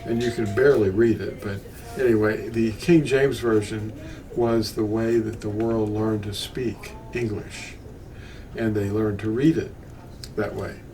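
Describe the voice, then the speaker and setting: An older Bible teacher speaks in a steady, warm, lowish voice at a slightly slow pace. His unscripted teaching on scripture meanders, full of asides and sentences he keeps restarting. The mic sits at a distance, picking up faint ambient noise.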